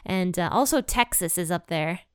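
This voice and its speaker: A woman's voice: on the low side, lively intonation, normal speed, clear, resonant tone, dry recording, clean studio sound. A woman hosting a Bible podcast from home, chatting casually and upbeat with listeners and reading scripture aloud. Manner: chatty and upbeat, laughs easily. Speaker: podcast host.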